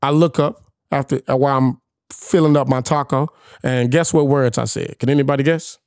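A young man hosting a podcast, telling a story in casual chat, animated and profane, firing rhetorical questions at his co-hosts. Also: mid-range voice, fairly quick, no room sound, studio quality. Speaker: podcast host.

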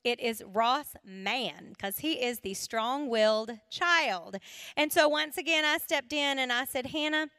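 A woman, giving an animated storytelling talk as a Christian conference speaker. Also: sits high, unhurried, clean tone, dry recording, clean studio sound. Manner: animated storyteller who acts out quoted voices.

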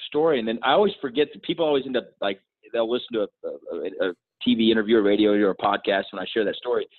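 A middle-aged man with a husky, somewhat low voice shares his story earnestly and reflectively, often stumbling and restarting. The sound is tinny and phone-like, as if heard over a remote call. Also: quick pace. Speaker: guest. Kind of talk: personal storytelling in an interview.

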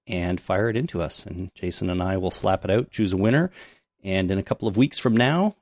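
An easygoing man hosts a podcast in a casual, joking tone. His voice sits low, and the sound is dry and close. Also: a little mellow, dry recording. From Canada. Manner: easygoing, joking, with filler pauses. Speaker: podcast host. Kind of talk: casual chat.

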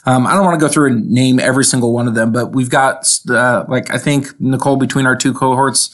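A man's voice: mid-range voice, fairly even intonation, quick pace, a bit bright. A man co-hosting a casual podcast as a tech coach, explaining steadily and with enthusiasm.

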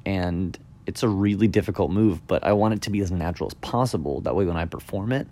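A man's voice: deep voice, quick pace, warm tone. A man talking casually on his own podcast, rambling and tired, yawning now and then. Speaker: magician podcaster. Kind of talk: casual solo podcast talk.

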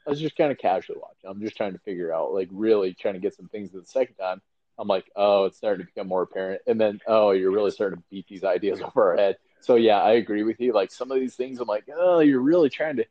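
A man with a fairly low voice talks fast on a muffled recording. He's co-hosting a casual podcast chat, rambling with plenty of fillers, acting out quotes and laughing.

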